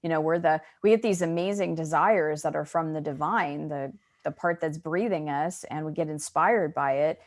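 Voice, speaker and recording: Chatty low-voiced woman author. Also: moderate pace, hardly any pauses, no echo, studio quality. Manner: chatty, upbeat, many fillers like "you know". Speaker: author and guest. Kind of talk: casual interview.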